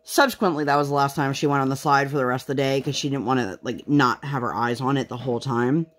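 A woman's voice: rumbling low, quick pace, soft background music. A woman in her thirties chatting casually at home while she works on a craft project, telling candid stories and now and then putting on voices when she quotes people. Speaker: craft vlogger.

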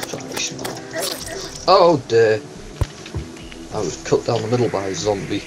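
An unhurried man with a lowish voice narrates a game for his gaming channel, game music playing and the recording quality low. Things happening on screen make him exclaim and yelp excitedly.

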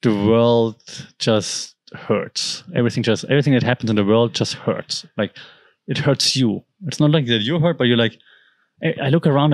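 A man's voice: medium pitch, no echo. A man whose first language is German, hosting a podcast and talking through the news in a rambling, conversational way with frequent restarts. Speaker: podcast host. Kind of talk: casual commentary monologue.

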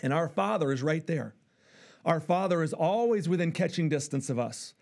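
A man's voice: on the high side, expressive, moderate pace, gravelly, darkish tone. A middle-aged male pastor preaching a sermon, telling a family story and acting out the voices in it. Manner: storytelling, acts out voices in quotes.

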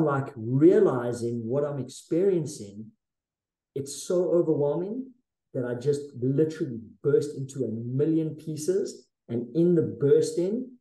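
A man's voice: on the high side, warm tone, echoey room, rough recording. A man in his forties, a podcast guest, telling a dramatic personal story in a casual, intense way with slang. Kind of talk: storytelling in a conversational interview.

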